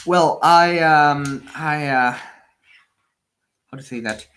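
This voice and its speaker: A man's voice: on the high side, a bit bright. Chatty young man with a French accent. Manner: rambling, chatty, many fillers and repeated words. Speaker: livestream host building Lego. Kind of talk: casual livestream chat answering viewers.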